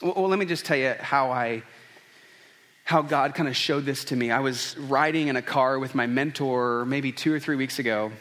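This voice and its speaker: A man's voice: medium pitch, normal speed, fairly bright tone. A man preaching a conversational, earnest sermon, often restarting his sentences. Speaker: pastor.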